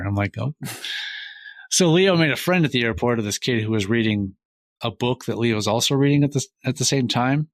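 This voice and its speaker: A man's voice: medium pitch, a little fast, no echo. Man telling a story, dry close sound. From Minnesota. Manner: animated retelling, acting out other people's lines. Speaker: podcast co-host. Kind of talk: casual storytelling chat.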